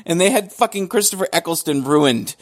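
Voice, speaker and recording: A man's voice: high-pitched, expressive, fairly quick. A man co-hosting a casual comics podcast, joking, swearing and laughing often. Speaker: podcast co-host reviewing comics. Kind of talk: casual chat.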